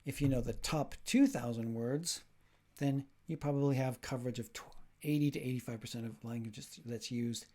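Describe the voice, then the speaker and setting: A man's voice: medium pitch, moderate pace, dark tone. A man teaching a recorded lecture, explaining ideas step by step and putting questions to the listener. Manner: demonstrates sounds and rhythm drills.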